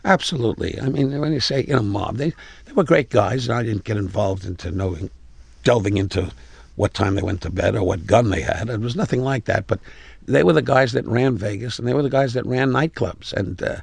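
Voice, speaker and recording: Gravelly older New York man, brash. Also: mid-range voice, brisk, dry recording. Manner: brash storyteller, swings loud for punchlines. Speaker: comedian guest. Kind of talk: interview anecdotes.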